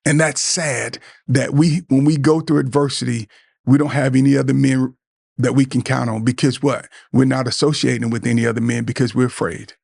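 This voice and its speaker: A man's voice: medium pitch, fairly even intonation, brisk, vocal fry, a little mellow, dry recording, studio quality. A middle-aged man hosting a show, giving an earnest motivational talk to other men, repeating words and acting out what friends might say. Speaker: podcast host.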